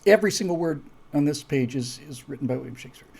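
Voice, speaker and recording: A man's voice: on the high side, lively intonation, quick pace, vocal fry, a little mellow, husky. A man hosting a live stream, talking casually and rambling with many restarts and asides. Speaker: host.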